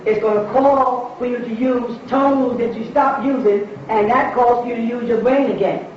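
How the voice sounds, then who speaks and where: A man's voice: very high-pitched, steady tone, normal speed, a little hiss or hum. A man giving a lecture to an audience and taking their questions. He talks emphatically, repeats his points and asks rhetorical questions. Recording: distant, echoey, dull lo-fi recording.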